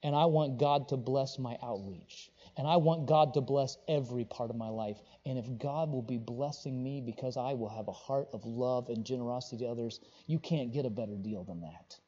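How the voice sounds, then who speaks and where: A man preaching a sermon, rising to loud, pressing emphasis and then dropping to low, earnest tones. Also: moderate pace, hardly any pauses, breathy edge, big-room sound, highs cut off. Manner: swings between loud preaching and quiet, low earnest talk. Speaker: pastor.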